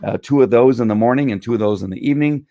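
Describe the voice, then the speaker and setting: A man streaming live from home, talking casually to viewers with a hoarse, tired voice, rambling with many fillers and throat clearing. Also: mid-range voice, racing, warm tone. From Southern California. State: hoarse, losing his voice. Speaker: live stream host selling wellness products. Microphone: computer or phone camera.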